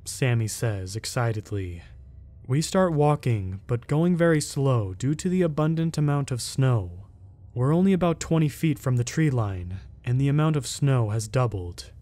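A man telling a first-person scary story at a middle pitch. He keeps his delivery steady and measured and reads the other characters' lines in much the same voice. The effect is a plain, even storytelling read. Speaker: narrator. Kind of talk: scripted horror story narration.

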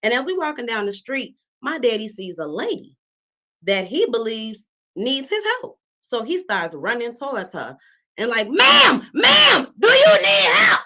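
Woman doing standup, lively voice, bright, calls everyone y'all. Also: a little high, normal speed, rough recording. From South Side of Chicago. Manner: animated, addresses the audience as y'all, acts out characters. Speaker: comedian. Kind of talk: stand-up comedy storytelling.

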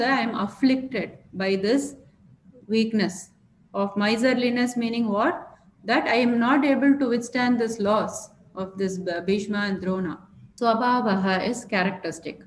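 A woman explaining a scripture word by word in a lecture, pausing often with fillers. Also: mid-range voice. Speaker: scripture teacher. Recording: echoey room with faint noise.

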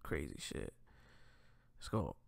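A man's voice: slow, dry recording, studio quality. A man hosting a casual commentary show, reacting to clips and talking straight to viewers in slangy, profane talk. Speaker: host.

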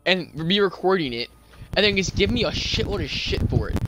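A man's voice: high-pitched, expressive, a little fast. A man chatting casually with friends while gaming, swearing as he tells a story. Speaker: gamer. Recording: game gunfire noise under voice.

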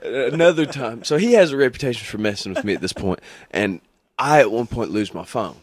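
A man's voice: mid-range voice, expressive, a little fast, no echo, studio quality. A young man co-hosting a podcast, telling a story in casual chat and acting out his own angry lines. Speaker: podcast co-host.

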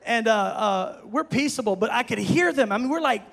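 A male pastor preaching a sermon, telling a story and building to shouted preaching. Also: extremely high pitch, expressive, brisk, creaky. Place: church sanctuary. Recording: long reverb of a church hall.

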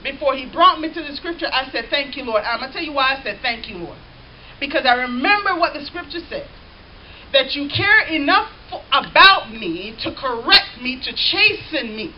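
High-voiced woman preaching a sermon, lo-fi. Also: expressive, moderate pace. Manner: preaching, reading scripture aloud and calling out to the congregation. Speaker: pastor. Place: church. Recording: dull lo-fi church recording with faint hiss.

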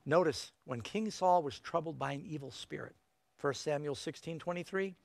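A man's voice: on the high side, expressive, normal speed, darkish tone, dry recording. A middle-aged male preacher giving an evangelistic sermon in a folksy, emphatic way, with joking asides.

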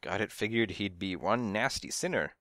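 A man's voice: fairly low pitch, animated, normal speed, fairly bright tone, no room sound, studio quality. Guy doing a nosy old lady at her window, fussy and half deaf, bouncy up and down voice. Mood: gossipy. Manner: fussy, scolding, hard of hearing.

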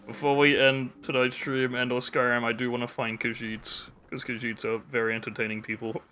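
A man's voice: medium pitch, level tone, fairly quick, pushed and bright, a little hiss or hum. A man streaming a game live, rambling casually, swearing freely and laughing often. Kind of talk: casual gameplay chat.

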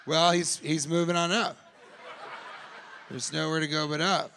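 Gravelly, bright-voiced male comedian doing crowd work. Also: on the high side, little pitch movement, unhurried, a little hiss or hum. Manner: riffing, teasing audience members, laughing often; shouts punchlines loudly. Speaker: stand-up comedian. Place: live comedy club.

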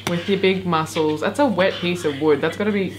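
A woman from far North Queensland with an Australian accent, reacting to clips in an excitable, sweary, giggly way. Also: on the low side, a little fast, noisy background. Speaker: YouTuber reacting to videos. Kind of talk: casual reaction commentary.

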